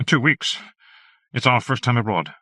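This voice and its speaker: A bashful, awkward young man stumbles over his words in this storybook reading, voiced by a man narrating. His voice is raised above the reader's own low tone. The sound is dry and close. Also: expressive, sharp tone, dry recording. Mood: nervous. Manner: halting, nervous.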